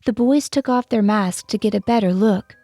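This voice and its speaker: A woman narrating a children's bedtime storybook in a gentle read-aloud manner, giving the characters light voices. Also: mid-range voice, normal speed, no echo, soft background music. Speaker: storyteller and author.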